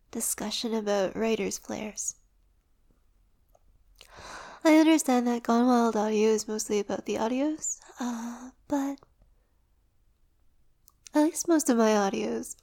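A woman rambling casually in a relaxed, sleepy way while lying down, her voice soft and often dropping to a whisper. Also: fairly high pitch. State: drowsy, lying down. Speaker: audio performer and creator.

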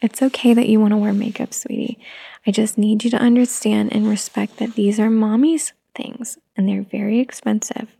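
A woman playing a gentle, patient young mother who softly coaxes her toddler, in a whispered role-play. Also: medium pitch, little pitch movement, fast talker, creaky, hardly any pauses, husky, no echo. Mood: soothing. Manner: soft, coaxing, motherly.

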